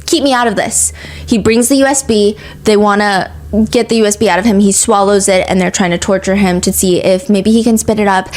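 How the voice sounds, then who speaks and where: A woman hosting a podcast, telling a true-crime story in a brisk, earnest, casual way and asking a lot of questions. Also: medium pitch, darkish tone. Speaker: podcast host.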